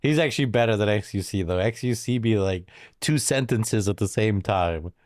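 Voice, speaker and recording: A man's voice: on the low side, moderate pace, darkish tone, no room sound, studio quality. A man streaming live, reacting to videos with blunt, mocking asides.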